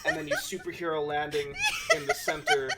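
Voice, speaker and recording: A game master narrating a tabletop game with lively, laughing narration. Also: mid-range voice, a little fast, very noisy.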